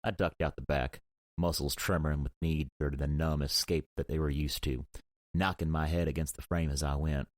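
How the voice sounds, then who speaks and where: Man, extremely deep voice, gruff brooding audiobook narration, dry studio sound. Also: fairly even intonation, moderate pace, dry recording. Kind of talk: first-person audiobook narration.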